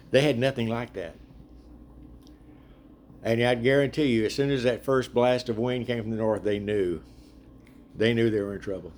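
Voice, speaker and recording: A man leading a casual group Bible study, chatty and animated, laughing often as he retells the story. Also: mid-range voice, slight background noise.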